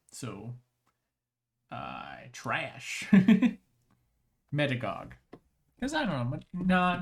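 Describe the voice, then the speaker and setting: A live streamer in casual chat, rambling and restarting phrases, voice strained with frequent throat clearing. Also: medium pitch, fairly bright tone.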